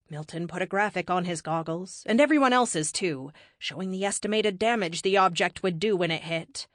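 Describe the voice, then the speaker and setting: A woman's voice: lowish voice, normal speed, few pauses, no echo. Woman narrating an audiobook, dry close sound. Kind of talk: scripted narration.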